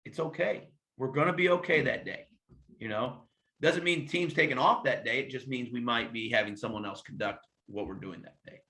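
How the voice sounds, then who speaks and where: A man who is a head swim coach, speaking casually in an interview and telling lively anecdotes while acting out bits of dialogue. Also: medium pitch, moderate pace.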